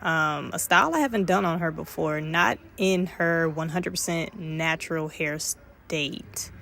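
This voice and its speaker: Woman with a Detroit accent, casual vlog chat, playful and chatty, lower pitch, faint background noise. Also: unhurried, creaky, a bit bright. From Detroit, USA. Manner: chatty, playful, talks straight to viewers. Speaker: mom vlogger.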